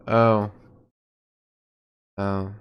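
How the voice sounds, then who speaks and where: Laid-back man recapping in smooth tones. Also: very slow, highs cut off. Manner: relaxed, low-key recapping with fillers. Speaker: podcast co-host. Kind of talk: casual chat.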